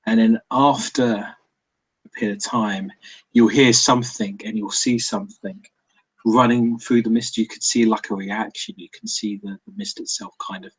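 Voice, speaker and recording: Man game master, narrating, husky voice, lowish pitch, halting. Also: fairly even intonation, low-quality recording. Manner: halting, many restarts and fillers.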